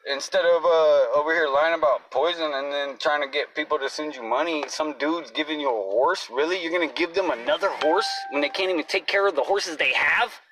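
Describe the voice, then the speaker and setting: A man's voice: a little high, a little fast, hardly any pauses, a bit bright, slight background noise. Man ranting from a distance. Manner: agitated, blunt, swears often. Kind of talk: casual profane rant to camera.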